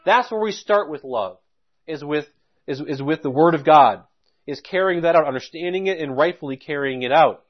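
In dull, lo-fi audio, a male preacher with a somewhat high voice gives a sermon. His scripture reading is measured and deliberate, after which his expressive delivery turns plain and conversational, with phrases now and then begun again.

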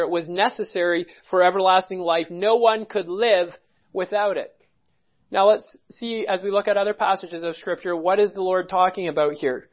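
A preacher giving a verse-by-verse Bible teaching, speaking in an emphatic, methodical way and stopping to stress key words. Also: mid-range voice. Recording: dull lo-fi recording.

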